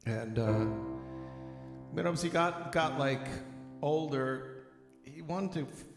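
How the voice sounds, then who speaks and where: A man's voice: a little high, slow pace. A man hosting an online music show, telling a long joke in a rambling way, with many fillers, and laughing at his own punchlines. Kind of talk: casual joke-telling and chat. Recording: roomy echo with long reverb, faint music.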